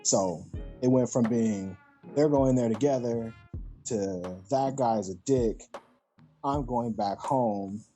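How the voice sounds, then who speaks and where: A podcast co-host in casual chat, telling lively stories and acting out callers. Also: mid-range voice, takes it slowly, soft background music. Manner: animated storyteller acting out callers. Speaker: former call center agent.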